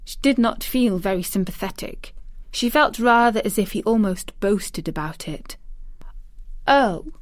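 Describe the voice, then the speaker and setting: A woman's voice: medium pitch, normal speed, no echo, studio quality. A woman narrating a classic children's novel aloud, reading carefully for language learners. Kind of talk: slow storybook reading for learners.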